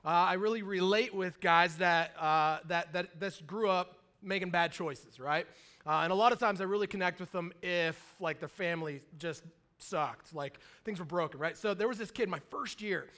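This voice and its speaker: A man's voice: sits high, moderate pace, sharp tone. A man in his thirties, a pastor telling a story in a sermon, casual and chatty, with many fillers and asides.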